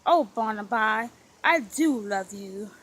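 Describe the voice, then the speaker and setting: A woman reading aloud, voicing a shy young wife in a demure, soft-spoken way close to her own voice. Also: high-pitched, measured pace, breathy edge, rough recording. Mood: tender.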